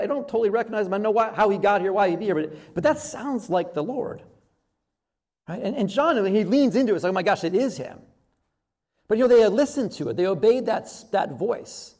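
High-voiced man preaching conversationally. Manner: conversational, animated, with many restarts and acted-out inner thoughts. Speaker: pastor. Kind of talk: sermon.

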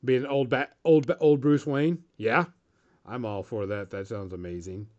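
A man's voice: medium pitch, steady tone, a little slow, darkish tone. Laid-back male podcast co-host, easy laugh; muffled lo-fi recording. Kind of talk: casual chat. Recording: dull lo-fi audio.

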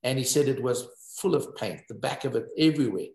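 A man preaches a sermon in a roomy, echoing space. His voice sits at a middle pitch, and he tells stories with emphasis and lively energy. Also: fairly quick, creaky. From South Africa. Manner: storytelling, animated and emphatic. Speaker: pastor.

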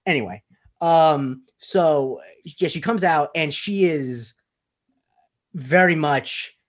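A man's voice: fairly high pitch, slow pace. A man hosting a podcast in casual chat, opinionated and joking. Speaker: podcast host.

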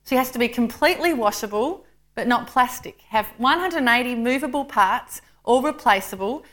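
A woman reading the part of the Lord as an eager, devoted male creator, in earnest, animated storytelling. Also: on the high side, normal speed, voice pushed up.

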